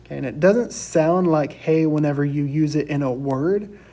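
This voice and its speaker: A young man teaching a recorded class lecture, saying each word slowly and clearly for students to repeat. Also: on the high side, mellow. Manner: slow, deliberate, drills words for repetition.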